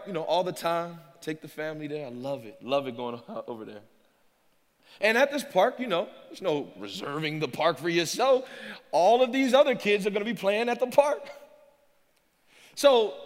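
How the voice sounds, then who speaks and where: A middle-aged male pastor preaching a sermon, animated and joking, laughing often as he tells stories. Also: high-pitched. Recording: reverberant hall.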